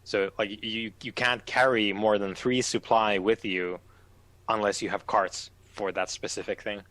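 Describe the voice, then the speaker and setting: Low-voiced laid-back game master. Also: fairly even intonation, a little slow, fairly bright tone, dry recording. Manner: laid-back, laughs often, explains rules. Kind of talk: casual tabletop game chat.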